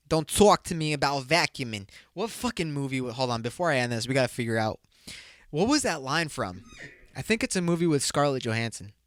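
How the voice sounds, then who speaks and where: A young man hosts his own podcast alone, rambling in a loose, bro-ish way with constant swearing. His voice sits in a middle range and comes across smooth and clear, recorded close and dry with no room sound. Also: medium pitch, a bit bright, no room sound. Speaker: podcast host. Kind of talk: casual solo podcast talk.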